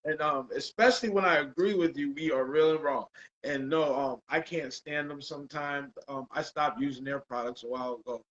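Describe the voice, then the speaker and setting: A man hosting a casual chat show, relaxed and loose, dropping "bro" and "man" often. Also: fairly high pitch, brisk, lo-fi sound. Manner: laid-back, says "bro" and "man" a lot. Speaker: podcast host.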